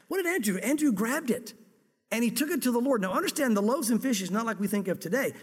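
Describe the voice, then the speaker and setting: Male pastor, high voice, lively storyteller, sermon recorded in a church hall with long reverb. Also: fast talker, slightly rough. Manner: lively storytelling, dramatizing scripture dialogue.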